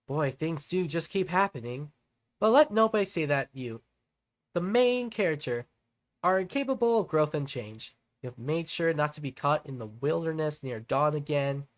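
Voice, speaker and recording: Reading a visual novel aloud on a let's-play, the host chats rambly about it, often using fillers and starting over. The pitch sits in the middle range.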